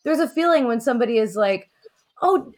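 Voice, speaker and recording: Woman podcast host, bit higher pitch, rambling questions, casual chat. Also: normal speed. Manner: warm-hearted, rambling, many restarts. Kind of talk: casual conversation.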